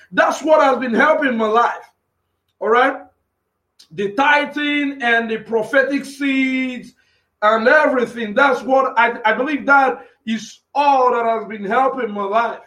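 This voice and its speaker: A man with a very high voice preaches to a live online audience. He talks in an excitable, rambling way and keeps checking in with his listeners. The sound bounces around an echoey room. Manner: excitable, repeats himself, frequent "you know what I'm saying". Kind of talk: live-streamed preaching and casual talk.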